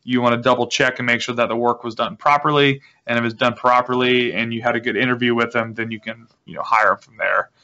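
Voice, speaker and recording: A man guest explaining his business in a relaxed, rambling interview manner, with many restarts. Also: mid-range voice, fast, few pauses. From South Carolina. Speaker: guest, real estate wholesaler. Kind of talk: casual interview talk. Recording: dull lo-fi audio.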